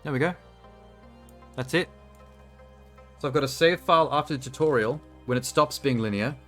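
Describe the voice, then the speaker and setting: A man's voice: medium pitch, moderate pace, a bit bright, soft background music. A man casually commenting as he plays a video game on a live stream, chatty and given to swearing and talking to himself. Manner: chatty, profane, self-talking while playing. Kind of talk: casual let's-play commentary.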